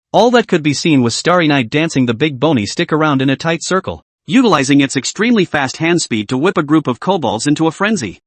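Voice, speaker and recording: A man narrating a comic recap in a lively, dramatic way. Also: fairly high pitch, no echo.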